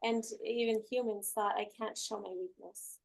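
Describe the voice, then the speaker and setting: A woman's voice: mid-range voice, fairly even intonation, moderate pace, gravelly. A woman hosting a group class on a video call, chatting casually and telling a story with lots of laughter. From Utah. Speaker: group coaching class host.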